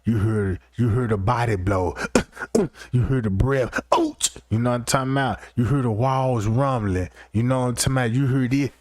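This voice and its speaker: A man's voice: mid-range voice, fairly quick, few pauses, a little mellow, no echo. A man hosting a livestream, rambling through a profane comic rant and constantly checking in with his listeners. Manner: rambling, keeps asking "you know what I'm talking about". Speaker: livestream host.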